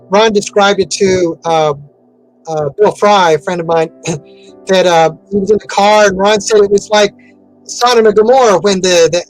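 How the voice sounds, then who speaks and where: A man's voice: sits high, low-quality recording. A man giving an interview in a casual, rambling way, with many fillers and restarts. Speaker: interview guest.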